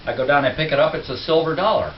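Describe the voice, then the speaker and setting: A man's voice: fairly high pitch, lively intonation, racing, far from the mic. A male stand-up comedian on a comedy club stage, telling a story in a conversational way that builds to punchlines. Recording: dull roomy club recording with faint hiss.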